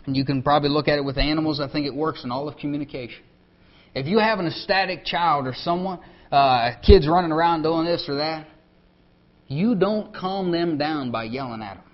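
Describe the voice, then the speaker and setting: Man, preacher, chatty sermon delivery, higher voice, muffled lo-fi capture. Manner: conversational, drops to soft tones for emphasis. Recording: dull lo-fi recording.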